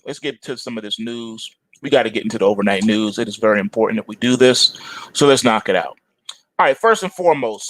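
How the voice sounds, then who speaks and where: A man hosts a live trading stream, chatting casually and joking with his viewers. His tone is fairly bright and the recording is dry. He's playful and jokey, sometimes swinging into high, mock-whiny bits.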